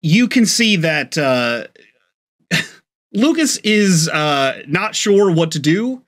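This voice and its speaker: A man narrating as game master in a tabletop role-playing game, pausing often with ums and uhs. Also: on the high side, big pitch swings, fairly bright tone. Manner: hesitant, many filler ums and uhs.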